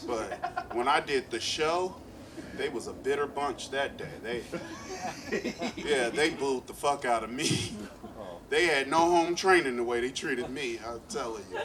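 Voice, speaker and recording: A man's voice: mid-range voice, a little slow. A man from East Oakland doing a profane stand-up comedy set with playful asides. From East Oakland, California. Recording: live club set, distant mic, loud crowd.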